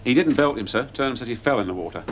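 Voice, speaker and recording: An actor playing a dry, deadpan male desk sergeant in a 1990 TV police drama. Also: medium pitch, racing, noisy background, lightly acted. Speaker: station sergeant.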